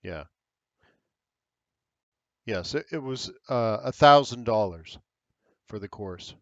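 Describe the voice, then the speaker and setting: A man's voice: lowish voice, lively intonation, takes it slowly, dry recording, muffled recording. An American man hosting a live trading webinar, giving casual, rambling market commentary with frequent fillers.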